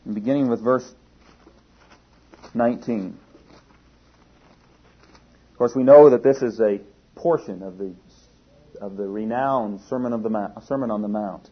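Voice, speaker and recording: A man's voice: fairly low pitch, unhurried, pauses often, husky. A man preaching a sermon in an earnest, emphatic way, stressing key words and sometimes restarting a phrase. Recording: dull lo-fi sermon recording.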